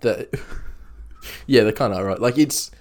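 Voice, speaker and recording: A man's voice: lowish voice, takes it slowly, a little mellow. A man, co-hosting a podcast in casual chat, blunt and teasing in a laid-back way. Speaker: podcast co-host.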